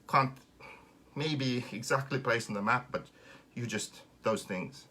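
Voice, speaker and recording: Here a Finnish-accented man from Finland, hosting an informal live stream, delivers a heated sarcastic rant packed with profanity. His pitch is medium and his delivery a little slow.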